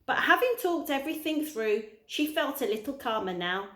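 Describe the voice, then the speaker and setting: Woman, children's storyteller, read-aloud, lively intonation, echoey room. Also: high-pitched, normal speed. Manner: expressive storytelling. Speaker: early years practitioner reading a story. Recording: roomy echo.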